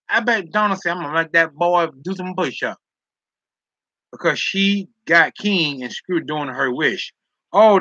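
Casual male streamer reading chat; teasing, laughs a lot; sharp tense tone on a dull lo-fi mic. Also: on the high side, dry recording. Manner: teasing, joking, laughs often.

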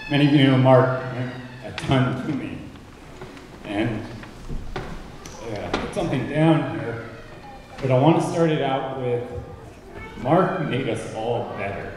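Slow measured man in echoey hall. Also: medium pitch, noisy background. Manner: slow, measured reciting of a list. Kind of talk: memorial tribute with a recited piece. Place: large hall at a memorial service.

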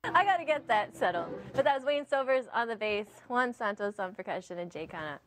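A woman's voice: a little high, lively intonation, brisk. A woman hosting a late-night TV show in a studio, introducing acts in an upbeat way. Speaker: TV show host.

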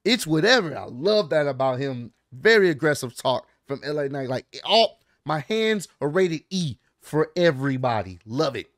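A man's voice: medium pitch, sing-song, moderate pace, few pauses, no echo, clean studio sound. A man casually recapping a show in a loose, rambling way, full of fillers and slang. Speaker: wrestling recap vlogger.

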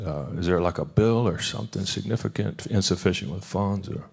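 A man's voice: low voice, fairly quick, gravelly, breathy edge. A man pastoring a church service, talking in an informal, heartfelt way with many restarts, then praying. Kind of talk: sermon and prayer. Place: church sanctuary.

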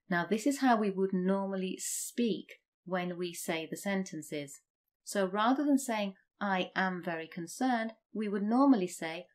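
A woman teaching English grammar, reading example sentences slowly and deliberately. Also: medium pitch, darkish tone. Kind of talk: slow scripted grammar lesson.

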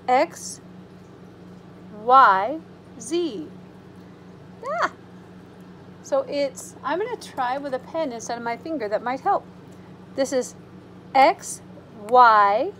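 A woman with a high voice reads a picture book to small children, drawing out the words at an unhurried pace. She is animated and expressive, gasping and exclaiming at the pictures, then drops into soft, reassuring asides for her young listeners. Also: a little hiss or hum, rough recording. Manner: animated storytime voice with gasps and exclamations. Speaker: preschool teacher.

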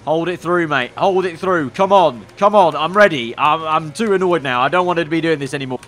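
A man commentating his own racing game run, excitable and breaking into loud exclamations when things go wrong. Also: fairly high pitch, a little fast. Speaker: gaming YouTuber.

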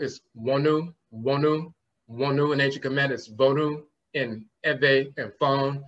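A man's voice: mid-range voice, fairly bright tone. Guy lecturing at a conference, spells out words, bit muffled lo-fi sound. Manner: explains word roots, spells terms out letter by letter; often trails off with "and so forth". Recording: slightly muffled lo-fi recording.

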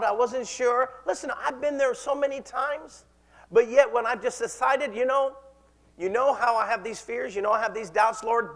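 A man's voice: high-pitched, big-room sound. A man preaching a sermon as pastor, impassioned and leading the congregation in call-and-response.

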